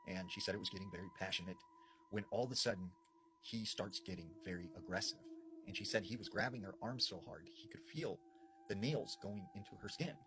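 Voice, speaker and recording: A man casually retelling a paranormal story, conversational and animated, with frequent fillers. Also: lowish voice, a little fast, background noise. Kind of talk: casual spoken scary storytelling.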